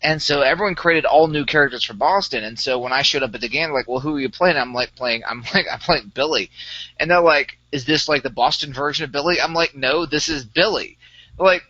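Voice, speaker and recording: A man's voice: fairly high pitch, brisk, bright, forceful tone, no echo, highs cut off. A young man on a podcast, chatting casually and rambling through a gaming story with many fillers. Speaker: podcast co-host. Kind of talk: casual chat about tabletop games.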